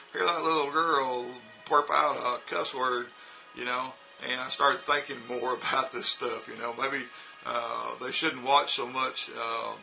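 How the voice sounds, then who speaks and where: Gravelly man telling a rambling story. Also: mid-range voice, sharp tone, poor audio. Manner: rambling, many fillers and restarts. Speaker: vlogger recounting teaching in China. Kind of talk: casual storytelling.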